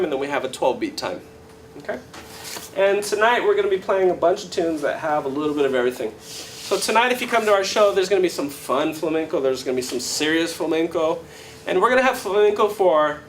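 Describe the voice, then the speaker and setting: A man who plays flamenco guitar, teaching a workshop in a casual, animated way, telling stories and counting beats aloud to a live audience. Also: high voice. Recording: guitar playing clearly heard behind voice.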